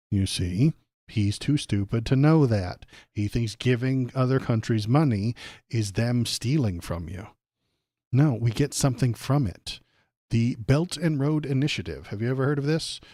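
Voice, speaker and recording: A man's voice: mid-range voice, mellow, no room sound, clean studio sound. A man hosting a political livestream, ranting casually over clips in a sarcastic, mocking way and swearing freely.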